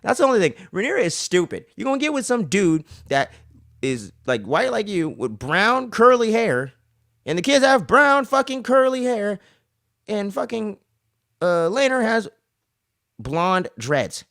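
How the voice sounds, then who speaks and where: A young man with a somewhat high voice hosts a casual episode recap. He talks in loose, profane slang, and his pitch swings a lot as he tells the story. The sound is dry and close. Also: a little slow, creaky, no room sound. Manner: slangy and profane, animated retelling. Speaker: recap show host.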